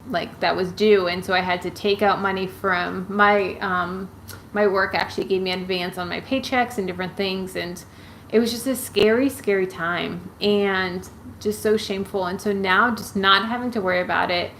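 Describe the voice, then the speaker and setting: A woman's voice: medium pitch, bright, forceful tone, low-quality recording. Woman, casual live-stream chat, rambling, lots of fillers, home webcam mic, faint room hum. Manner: chatty, rambling, many fillers and restarts; reads out and answers live chat comments. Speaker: YouTuber answering viewer questions.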